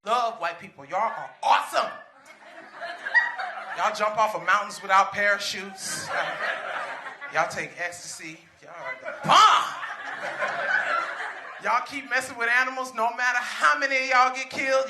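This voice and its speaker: A stand-up comedian doing a routine, talking straight at the crowd with mock exasperation. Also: mid-range voice. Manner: animated, addresses the crowd directly with mock exasperation. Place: comedy stage. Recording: echoey venue with loud audience noise. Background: audience laughter.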